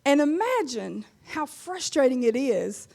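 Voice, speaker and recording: Southern woman in her fifties, stand-up comic, homey drawl, high voice. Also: big pitch swings, a little slow, gravelly, a little mellow. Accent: Southern US, Alabama. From Alabama. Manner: folksy, drawling, chuckles at her own lines. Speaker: stand-up comedian. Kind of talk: stand-up comedy set.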